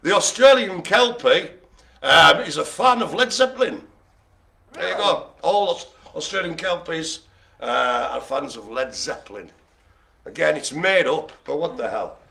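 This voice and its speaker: Gravelly, animated man hosting. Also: fairly high pitch, measured pace. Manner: jokey, rambling, playful banter. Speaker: host. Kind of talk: live bingo game hosting.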